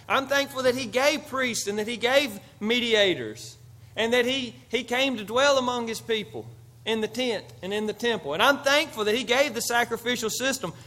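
Male pastor, high-pitched, conversational sermon delivery with big swings in volume. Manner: conversational, emphatic, swings from loud to quiet.

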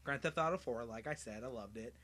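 Excitable, bright-voiced young man. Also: medium pitch, a little fast. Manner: excitable, laughs often while telling stories. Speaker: podcast co-host. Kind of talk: casual chat about video games.

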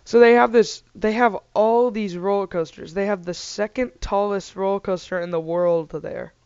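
A man's voice: high-pitched, fairly even intonation, moderate pace, darkish tone, clear, resonant tone, dry recording. A man chatting casually and jokingly, rambling with lots of fillers. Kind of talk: casual chat. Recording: dull, slightly lo-fi dry mic.

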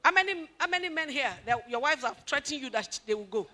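A woman giving an animated talk at a couples' marriage seminar, questioning the audience and acting out what spouses say. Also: high voice, fast talker. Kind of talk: lively motivational talk to an audience.

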